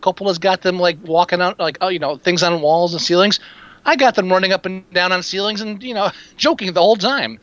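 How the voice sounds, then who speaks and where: A man's voice: sits high, fairly quick, no room sound. A man co-hosting a casual film-review chat, rambling and acting out quotes as he talks. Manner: animated, rambling, acts out quotes. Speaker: podcast co-host. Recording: dull lo-fi recording.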